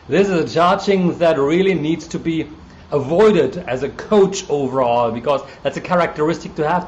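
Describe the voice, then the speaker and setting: A man with a German accent talks casually to a live-stream audience, greeting viewers by name between his points. His voice sits fairly high for a man, and his delivery is relaxed and chatty. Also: slight background noise. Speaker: coach hosting a live stream.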